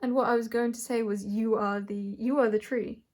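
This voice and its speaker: A woman doing a pick-a-pile tarot reading, speaking in a searching way, often correcting herself and thinking aloud with soft laughs. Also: on the high side, fairly even intonation, moderate pace. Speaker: tarot reader. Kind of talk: intuitive tarot reading to camera.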